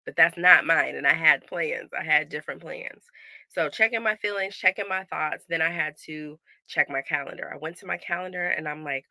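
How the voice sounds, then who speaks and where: Woman, parenting coach vlogger, candid chatty asides, bright and gravelly, dead-dry closet sound. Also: low-pitched, a little fast, dry recording. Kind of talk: casual direct-to-camera vlog. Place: small closet at home.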